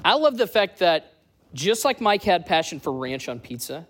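Lively man telling a story to a church crowd. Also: fairly high pitch, moderate pace. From US East Coast. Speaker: church community director.

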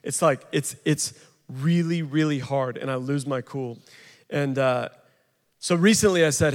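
A man in his thirties shares his testimony in a loose, chatty way, full of fillers and asides. His slightly high voice carries the long reverb of a big church hall. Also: moderate pace. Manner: casual, chatty storyteller with many fillers. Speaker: speaker sharing his testimony at a recovery ministry. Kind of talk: humorous testimony talk.

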